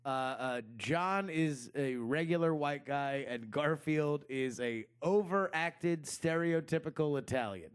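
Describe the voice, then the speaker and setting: A man's voice: a little high, unhurried, few pauses, clear, resonant tone. A man co-hosting a podcast in casual banter, rambling, swearing and laughing often. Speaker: podcast co-host.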